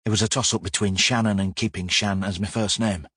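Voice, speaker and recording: A man voicing a cheeky young female detective with a Yorkshire accent, quick and playful. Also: lowish voice, fairly even intonation, a bit bright, breathy edge, no room sound, studio quality. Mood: brisk, cheeky.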